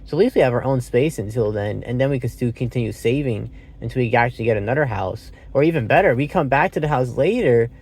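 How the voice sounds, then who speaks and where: A man's voice: medium pitch, lively intonation, quick pace, hardly any pauses, darkish tone, husky. A man giving a casual, rambling solo movie review, thinking aloud with lots of fillers, self-corrections and casual swearing.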